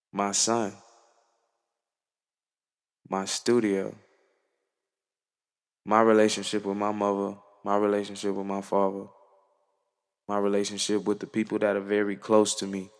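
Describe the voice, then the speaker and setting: A young male musician vlogger delivers an earnest, slangy, profane monologue to the camera, reflective and casual in tone. His voice sits on the low side and is creaky, with a long reverb tail.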